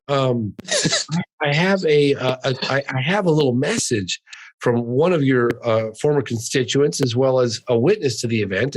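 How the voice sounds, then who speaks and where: A man's voice: mid-range voice, low-quality recording. A middle-aged man from the United States, a podcast guest telling a long story in an earnest, emphatic way and insisting it is all true. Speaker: guest, documentary filmmaker. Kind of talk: animated storytelling.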